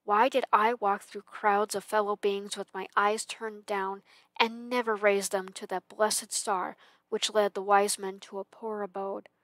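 A woman's voice: medium pitch, little pitch movement, unhurried, no echo, close to an everyday voice. A woman voicing the tormented, chained ghost of an old businessman in a storybook reading, mournful and declaiming. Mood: anguished. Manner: mournful, declaiming with swells of loudness.

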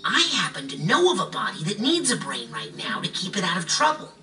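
A performer voicing an earnest, curious young psychic boy in a game, inquisitive and gently coaxing. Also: medium pitch, wildly swooping pitch, a little fast, a little hiss or hum. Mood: reassuring. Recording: distant voice over game music.

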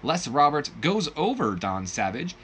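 A man's voice: a little high, very animated, unhurried, fairly bright tone, slight background noise. A man narrating a wrestling sim in a rambling, self-correcting way, laughing at his own slips. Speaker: game commentator. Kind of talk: let's play narration.

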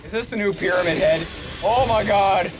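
A man giving excitable let's play commentary, swearing and yelling at enemies as he plays. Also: high voice, normal speed, heavy background noise. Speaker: gamer.

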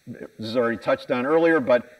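A man's voice: mid-range voice, brisk, muffled recording. Man, american, conference keynote, candid, self-mocking, slightly distant mic. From United States. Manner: candid, self-mocking, conversational with audience questions. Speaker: conference speaker. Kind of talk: keynote talk. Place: conference hall stage.

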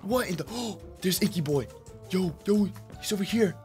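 A man's voice: high voice, animated, moderate pace, sharp tone, faint music behind. A man hosting Minecraft gameplay commentary, hyped and slangy, talking straight to his viewers. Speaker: gaming YouTuber.

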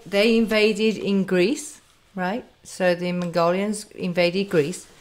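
A woman's voice: medium pitch, fairly even intonation, slow pace. A woman hosting an interview, chatting casually and affirming her guest. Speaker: host.

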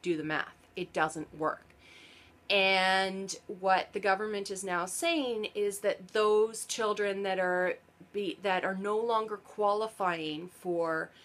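A woman talks to camera in a casual explainer vlog. Her voice sits at an ordinary middle pitch. She explains earnestly, turns sarcastic at times, and often backs up to fix her wording. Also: slow pace, fairly bright tone. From Canada. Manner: sarcastic, earnest explaining with frequent self-corrections. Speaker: parent and vlogger.

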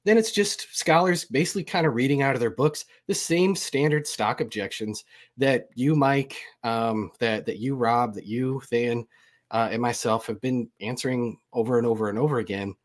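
A man's voice: mid-range voice, moderate pace. A man speaking as a guest in a casual panel chat over a video call, blunt and candid, rambling a little.

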